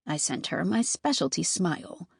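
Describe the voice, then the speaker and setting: A woman narrating a first-person children's audiobook in an expressive, animated way, recorded close in a studio. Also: fairly low pitch, moderate pace, creaky, husky, no room sound. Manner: expressive, animated character reading.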